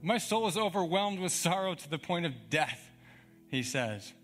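A man's voice: on the high side, very animated, moderate pace, a bit bright, soft background music. Conversational young male pastor, emphatic. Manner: conversational, emphatic, frequent "like" and chuckles. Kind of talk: sermon.

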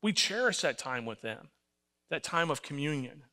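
Animated older man preaching a sermon. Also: on the high side, normal speed. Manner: animated storytelling, acts out voices, emphatic. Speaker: pastor.

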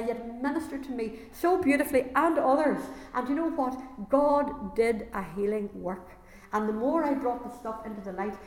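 A woman giving an earnest, emotional personal faith testimony to a gathering. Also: mid-range voice. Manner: earnest, emotional, growing intense. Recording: echoey hall with long reverb.

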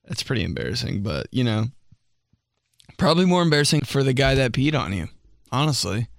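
A man's voice: mid-range voice, big pitch swings, moderate pace, vocal fry, long pauses, no room sound, clean studio sound. A man hosting a comedy show, reading out listener stories in a casual, joking way. He laughs often and slips into mocking voices.

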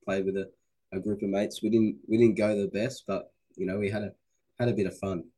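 A man's voice: lowish voice, fairly even intonation, a little fast, dark tone, slightly rough. An Australian man as a guest in a casual chat, laid-back and agreeable.

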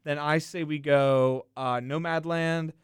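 A young man co-hosting a podcast, chatting casually about movies in a relaxed way. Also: fairly high pitch, slow pace, smooth, no room sound. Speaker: podcast co-host.

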